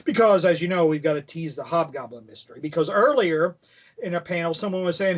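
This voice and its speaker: A man's voice: a little high, brisk, muffled recording. A man hosting a podcast, recapping comic books in a rambling, casual way full of fillers. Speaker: podcast host.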